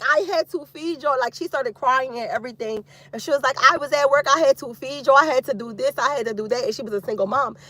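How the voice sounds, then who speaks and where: A woman vlogger chatting casually with her viewers from outside a youth football practice. She is expressive and loose, with frequent laughter. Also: a little high. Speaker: single mom vlogger talking to viewers. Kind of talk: casual chat.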